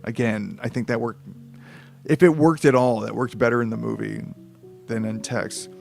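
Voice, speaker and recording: A man's voice: medium pitch, steady tone, moderate pace, vocal fry, darkish tone, soft background music. A man streaming himself reading a novel aloud, breaking off for rambling, profane comic asides.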